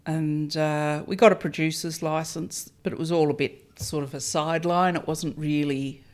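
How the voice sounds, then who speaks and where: Low-voiced Australian woman winemaker. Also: steady tone, normal speed, a little mellow. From Melbourne, Australia. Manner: chatty, self-deprecating, with hesitations. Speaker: winemaker, guest. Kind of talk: casual interview answers.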